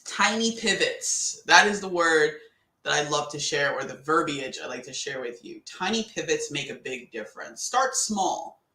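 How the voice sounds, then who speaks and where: Slangy woman motivational podcaster, animated delivery, roomy echo. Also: low-pitched, moderate pace. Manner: animated, chatty, slangy, laughs often. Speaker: podcast host. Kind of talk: casual motivational talk.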